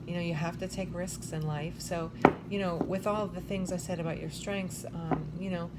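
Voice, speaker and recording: A woman's voice: fairly low pitch, fairly even intonation, moderate pace. A woman giving a casual tarot reading, chatty and thinking aloud with many fillers, a little out of breath. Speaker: tarot reader. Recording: loud background noise.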